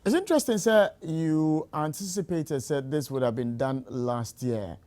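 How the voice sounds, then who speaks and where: A man's voice: a little high, normal speed, mellow. A man with a Ghanaian accent hosting a radio talk show, asking probing questions and mixing Twi with English.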